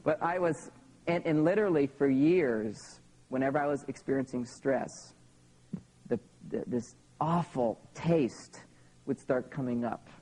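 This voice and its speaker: A man's voice: medium pitch, unhurried, warm tone, rough recording. A man in his thirties tells personal stories in a live seminar talk to an audience, often checking in with "okay?". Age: 30s. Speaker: seminar speaker.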